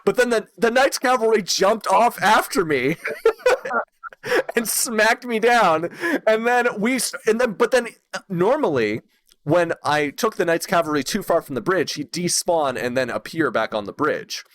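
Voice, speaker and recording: Animated rambling man chatting about games. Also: high voice, unhurried. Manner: rambling, lots of fillers, laughs often, animated when retelling. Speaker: podcast co-host. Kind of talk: casual gaming chat.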